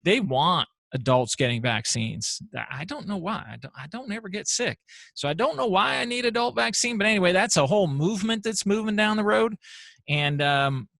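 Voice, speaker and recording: A male host talks straight to his viewers in an animated, rambling monologue with restarts. His voice is on the high side, bright and gravelly. It is recorded close and dry. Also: moderate pace, no room sound. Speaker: show host. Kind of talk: opinionated solo commentary.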